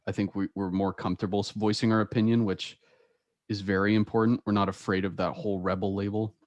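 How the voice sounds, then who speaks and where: A man's voice: fairly low pitch, little pitch movement, quick pace, no room sound, lo-fi sound. A young man hosting a podcast, chatting casually and telling stories with a lot of laughter. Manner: laughs often, storytelling with quoted voices. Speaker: podcast host. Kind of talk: casual chat.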